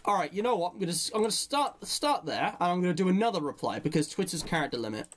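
A man giving rambling opinion commentary on a live stream. He thinks aloud, and his delivery slows right down whenever he dictates a reply. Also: sits high, noisy background.

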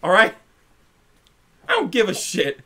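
Bright, animated young man, swearing. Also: high-pitched, measured pace, slightly rough. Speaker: movie reaction co-host. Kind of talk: casual chat.

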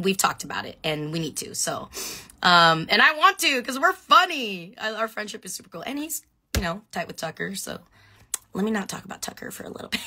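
A woman chatting excitedly on a phone live stream, answering viewer questions and shouting out fans. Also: medium pitch. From Filipino background. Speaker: reality show contestant on a live stream.

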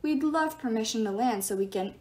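A woman voicing a calm, diplomatic teenage boy trying to keep the peace. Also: fairly high pitch, a little fast, lightly acted. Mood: placating. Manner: steady, placating.

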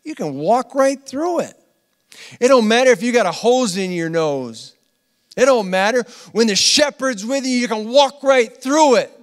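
A man preaching a conversational sermon as pastor. He is earnest, laughs often, repeats phrases, and swings from loud emphatic lines to quiet asides. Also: high voice, long reverb tail. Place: church hall.

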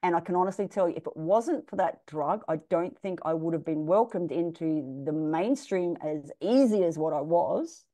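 Frank lower-voiced Australian woman storyteller. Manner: animated, frank, swears, acts out quotes. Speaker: DJ guest. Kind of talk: casual storytelling interview.

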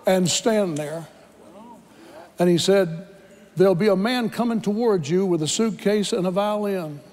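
A man's voice: high voice, unhurried, darkish tone, long reverb tail. A man preaching a sermon, telling a story dramatically and acting out the voices in it. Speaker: pastor. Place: church sanctuary.

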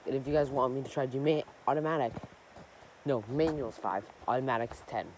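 A man's voice: medium pitch, a little fast, a little mellow. Young man rambling over a noisy recording. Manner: rambling, self-correcting, many fillers. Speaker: gaming channel host. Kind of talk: casual rambling vlog chat.

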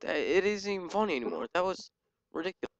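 A gaming channel host giving excitable live commentary while playing, yelping and joking at enemies. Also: mid-range voice, quick pace, no room sound, highs cut off. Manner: excitable, yelps and jokes at enemies. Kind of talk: live let's-play commentary.

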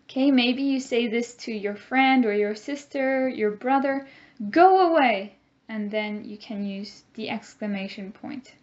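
Woman teaching a class, talks real slow, slightly high voice, kinda dull lo-fi sound. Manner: slow, clear teacher talk with call-and-repeat drills. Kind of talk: recorded classroom grammar lesson.

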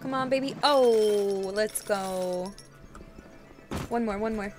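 A woman streaming a video game, reacting excitably and yelling and swearing when frustrated. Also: medium pitch, slow. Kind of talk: live gameplay commentary. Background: game music.

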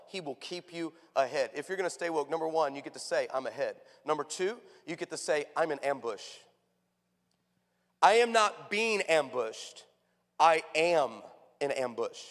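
Pastor guy preaching, high voice, acts out the story people loud, lots of hall echo. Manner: animated storytelling, acts out characters with big raised voices. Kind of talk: sermon. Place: church sanctuary. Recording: long hall reverb.

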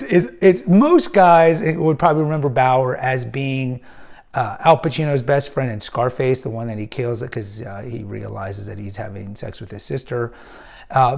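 A man's voice: a little high, gravelly, darkish tone. A man in his fifties who hosts a podcast, giving casual, opinionated film commentary and rambling with frequent restarts and fillers. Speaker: podcast host.

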